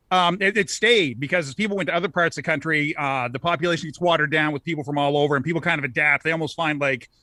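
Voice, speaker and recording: A man from Canada talks chattily, explaining a topic with frequent fillers. His voice is fairly high and bright, with a forceful edge. The sound is dry and close. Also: no echo. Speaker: regular contributor. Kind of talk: casual explainer segment.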